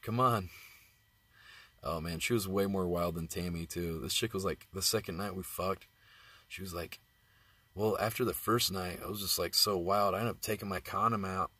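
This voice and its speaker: Brief: low, husky American male vlogger, crude rambling livestream chatter. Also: fairly even intonation, moderate pace, pushed and bright. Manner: rambling, crude, laughs at his own stories. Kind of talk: casual livestream storytelling.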